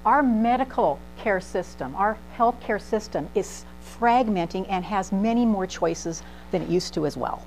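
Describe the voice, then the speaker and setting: A woman's voice: mid-range voice, moderate pace, few pauses, poor audio. A middle-aged woman pharmacist giving a humorous talk, acting out voices in her stories. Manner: animated, acts out voices in anecdotes. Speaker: pharmacist speaker. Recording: faint mains hum.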